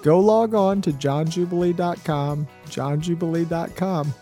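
A man's voice: fairly high pitch, measured pace, few pauses, mellow, faint music behind. A man hosting a talk radio show, telling client stories in a folksy, salesy way, full of repeats and "you know"s. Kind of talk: talk radio monologue with testimonials.

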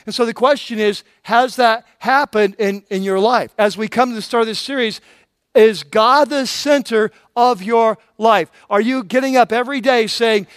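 Man, middle-aged, pastor, earnest sermon, acts out prayers, very high pitch, dry sound. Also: normal speed, a bit bright, no room sound. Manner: earnest preaching, repeats phrases, acts out prayers.

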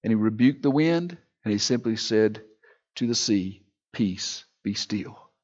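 A male pastor preaching a sermon with passion, swinging from hushed to loud. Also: medium pitch, animated, normal speed, dull audio.

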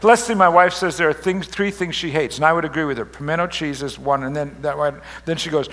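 High-voiced joking preacher man. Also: fairly quick. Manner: joking, animated, teasing the congregation. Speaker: pastor. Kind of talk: humorous sermon. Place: church service.

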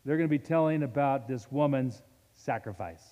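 A pastor preaches a sermon in a large hall, his medium-pitched voice swinging dynamically between loud emphasis and hushed, slow moments. The audio sounds dull.

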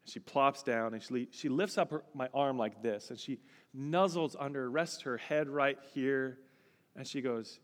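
A man's voice: medium pitch, unhurried. A male pastor preaching a sermon, telling a personal story with expression and building to a fervent exhortation. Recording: long reverb, large hall.

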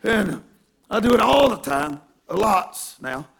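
A man preaching a sermon through a self-mocking story, animated and given to bursts of shouting. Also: high voice, slow, creaky, breathy edge.

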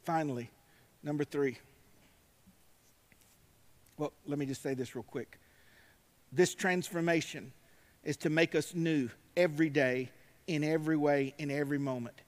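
A man preaching a sermon, emphatic and swinging between loud declarations and quiet asides. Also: fairly high pitch, measured pace, long pauses. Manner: emphatic, rising to shouts, drawling asides. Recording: long hall reverb.

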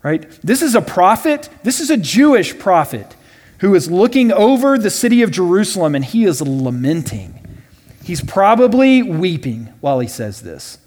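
A man teaching a Bible study class in a casual way, often checking in with "right?" and voicing quoted lines loudly and dramatically. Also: high voice, very animated, moderate pace. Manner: conversational, with frequent "right?" and "all right?" check-ins. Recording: long reverb from a large hall.

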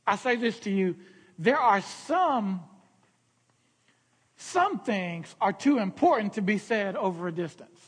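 A man's voice: high voice, animated, a little slow, long pauses, husky, in a large hall. A man preaching a sermon as pastor, talking conversationally and checking in with "okay?" as he repeats key points.

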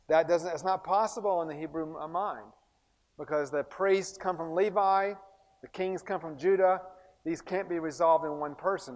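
Man, bible teacher, lively and emphatic, a bit high-voiced, lots of hall echo. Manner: animated, emphatic with frequent restarts. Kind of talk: recorded teaching series.

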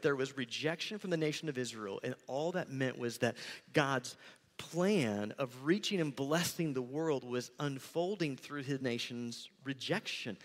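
A man preaching a sermon as pastor, conversational and animated, acting out quick asides. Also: mid-range voice, big-room sound.

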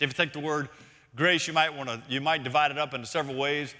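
A man preaching a sermon as senior pastor, emphatic and repeating key phrases, swinging between loud points and hushed lines. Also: on the high side, fairly even intonation, quick pace. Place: church sanctuary. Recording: long reverb of a large hall.

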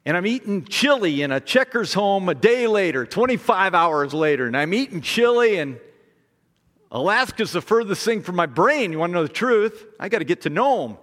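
A middle-aged man giving a sermon as guest speaker, telling a story with lively acted-out voices. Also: high voice, normal speed. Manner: animated storyteller, acting out voices. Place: large church hall. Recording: long hall reverb.

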